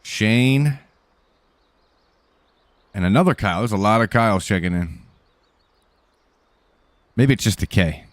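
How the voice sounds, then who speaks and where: Easygoing male streamer, slightly low voice, dry close-miked sound, casual joking chat. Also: animated, unhurried, pauses often, no echo. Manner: laid-back, joking, greets viewers by name.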